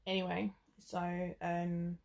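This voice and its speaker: A woman's voice: on the low side, monotone, slow, vocal fry, darkish tone. A woman tells a frank, exasperated story in casual chat with a friend.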